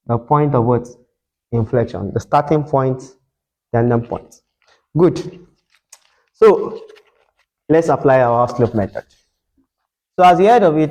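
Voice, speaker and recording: Higher-voiced, mellow-toned male tutor. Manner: call-and-response questions, repeats key terms. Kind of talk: whiteboard lesson.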